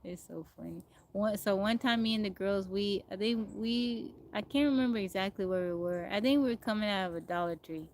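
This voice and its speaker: A woman's voice: medium pitch, brisk, few pauses, darkish tone, a little hiss or hum. Chatty woman livestreaming outdoors. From Texas. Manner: chatty, laughs often, drawls slang. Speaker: livestream host. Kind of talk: casual chat. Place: outdoors in nature. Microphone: phone livestream.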